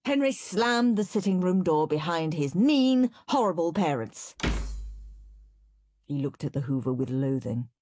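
A woman reading a children's storybook aloud in an expressive, lively manner. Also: fairly low pitch, unhurried, a little hiss or hum. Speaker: reader.

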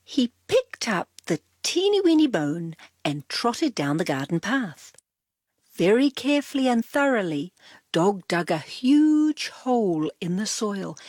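Slow, soft-spoken woman reading a storybook. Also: mid-range voice, no echo, studio quality. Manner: soft, drops to whispers on tags. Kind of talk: reading a children's storybook aloud.

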